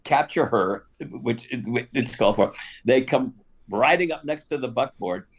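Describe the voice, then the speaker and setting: An older man telling a story casually on a live stream, animated, with laughs and asides. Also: medium pitch, unhurried. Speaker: guest actor telling stories.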